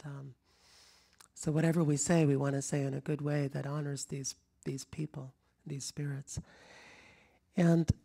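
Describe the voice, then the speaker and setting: A middle-aged man from rural Kentucky, now with a General American accent, telling stories at a public talk in a rambling, warm-hearted way with frequent restarts. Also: on the high side, vocal fry. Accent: General American, Kentucky accent trained out. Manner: rambling, restarts often, chuckles, moves around. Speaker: public speaker. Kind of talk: storytelling talk to an audience. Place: lecture room before a live audience.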